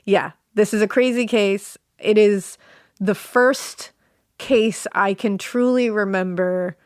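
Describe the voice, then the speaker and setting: A woman's voice: medium pitch, takes it slowly, no room sound, clean studio sound. A woman co-hosting a true crime podcast, chatting casually in a rambling, giggly way. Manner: giggly, rambling, animated storytelling. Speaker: podcast co-host. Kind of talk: casual chat.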